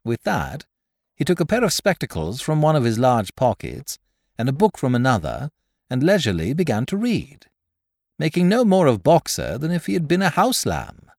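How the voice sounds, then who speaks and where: A man narrating a classic story aloud with expressive storytelling. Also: mid-range voice, gravelly, no echo, clean studio sound. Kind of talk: audiobook narration.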